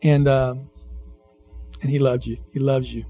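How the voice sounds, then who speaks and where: A man's voice: mid-range voice, little pitch movement, unhurried, mellow, faint music behind. A man preaching a sermon as pastor, conversational, repeating phrases and questioning the congregation.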